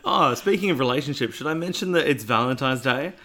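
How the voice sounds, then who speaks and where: Man, podcast co-host, casual banter, mid-pitched voice, quick jokes. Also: lively intonation, background noise. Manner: jokey, quick banter with laughs. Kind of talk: casual chat.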